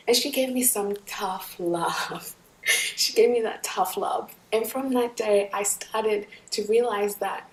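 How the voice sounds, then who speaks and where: A woman recounting personal experiences in an earnest, animated way. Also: mid-range voice, slow pace. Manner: earnest, animated, acts out other voices. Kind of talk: personal storytelling. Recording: echoey room, distant from the mic, faint noise.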